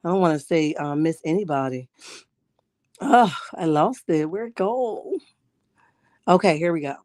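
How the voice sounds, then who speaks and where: A woman's voice: deep voice, lively intonation, unhurried, a little mellow, no echo, studio quality. A woman hosting a casual live-stream gossip chat, sassy, reading viewer comments aloud and calling everyone honey. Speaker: livestream host.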